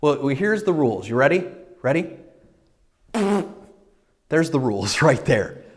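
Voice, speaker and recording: Lively animated male preacher. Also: medium pitch. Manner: animated storytelling, acting out his own past panic and excitement; frequent self-interruptions and quick restarts. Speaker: pastor. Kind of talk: sermon with personal testimony.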